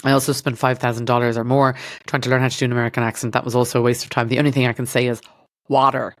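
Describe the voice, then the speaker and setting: A woman's voice: very deep voice, level tone, rapid-fire, no echo. An Irish woman hosting a podcast from a studio, talking in a rambling, self-deprecating comedic monologue that swears freely. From Ireland. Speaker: podcast host.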